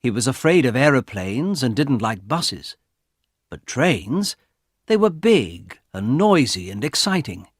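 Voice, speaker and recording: A man narrating an audiobook of a graded reader, in a slow, clear storytelling manner. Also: mid-range voice, big pitch swings, no room sound, studio quality.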